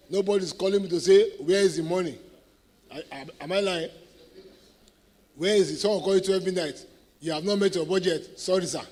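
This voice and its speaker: A middle-aged man with a Nigerian English accent, giving a motivational talk as guest speaker at a sales event, telling stories and keeping the audience engaged by asking if they follow him. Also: sits high. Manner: animated storyteller who keeps asking the audience if they follow.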